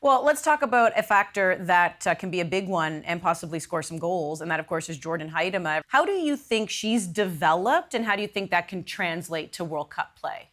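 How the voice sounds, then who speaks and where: A woman's voice: on the low side, animated, a little fast, hardly any pauses, fairly bright tone. Upbeat woman sports show host. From Canada. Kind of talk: studio sports talk.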